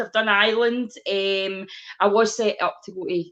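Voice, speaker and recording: A woman with an Ayrshire Scottish accent, a stand-up comedian chatting as a guest, telling animated stories full of swearing and put-on voices. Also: medium pitch, normal speed. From Scotland. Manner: animated storytelling, acts out voices, swears freely. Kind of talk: casual chat.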